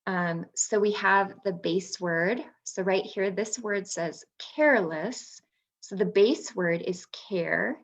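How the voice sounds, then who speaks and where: Woman presenter talking slow, lots of ums, teacher-ish patient explaining. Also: mid-range voice. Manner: patient, many "um" pauses. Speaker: parent workshop presenter, former teacher.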